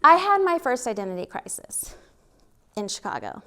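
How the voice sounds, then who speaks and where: With a sing-song lilt and a sharp tone, a middle-aged woman from Oklahoma speaks at a moderate pace, her voice on the high side. She's a storyteller on a live-event stage, sharing her personal story with self-deprecating candor and a slight Oklahoma accent.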